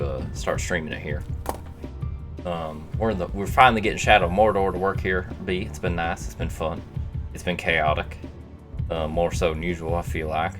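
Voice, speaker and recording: A male streamer with a deep voice chats casually with viewers in a put-on silly accent, reading chat messages aloud and rambling in between.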